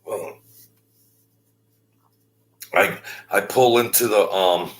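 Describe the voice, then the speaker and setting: A man telling a story in a halting way, with many fillers and restarts, acting out the voices of the people he quotes. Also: on the low side, a little hiss or hum. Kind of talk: casual storytelling.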